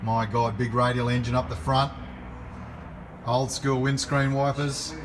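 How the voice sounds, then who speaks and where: An older man with an Australian accent, chatting excitedly in matey banter about old planes in a hangar. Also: medium pitch, unhurried, background noise. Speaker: aviation vlogger. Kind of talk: casual chat. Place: aircraft hangar.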